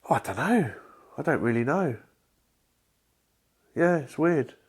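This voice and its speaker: A man co-hosting a casual chat podcast, talking in a halting way with lots of restarts and swearing. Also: a little high, big pitch swings, slightly rough. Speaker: podcast co-host.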